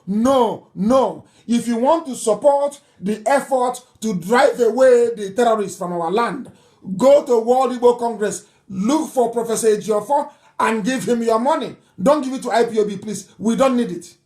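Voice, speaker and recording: A man's voice: very high-pitched, moderate pace, a little mellow. A Nigerian man hosting a live broadcast, speaking emphatically and repeating his points insistently. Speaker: broadcast host. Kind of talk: live radio broadcast address.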